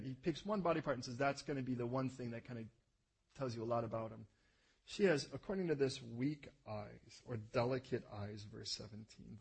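A man preaching a conversational sermon, animated and joking, asking listeners to repeat words after him. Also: medium pitch, slightly rough. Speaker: pastor. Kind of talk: sermon teaching.

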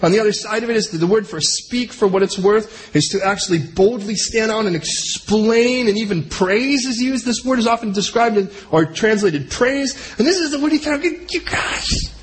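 A man's voice: high-pitched, moderate pace, few pauses, a little hiss or hum, low-quality recording. A man preaching a sermon in a loose, conversational way, full of joking asides and sentences he breaks off and restarts. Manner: restarts and trails off mid-sentence. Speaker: pastor.

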